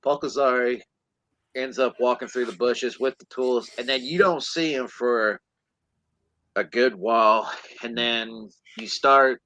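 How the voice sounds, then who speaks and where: Slow, easygoing podcast man. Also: medium pitch, steady tone, bright, forceful tone, no room sound, rough recording. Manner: acts out characters in silly voices while retelling. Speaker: podcast co-host. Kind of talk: casual plot recap.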